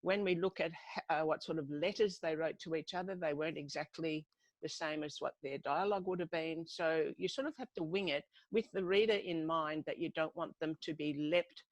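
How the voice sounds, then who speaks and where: A woman's voice: low-pitched, normal speed, no room sound, rough recording. An Australian woman author in a casual video-call chat, musing aloud and searching for her words. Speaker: author guest.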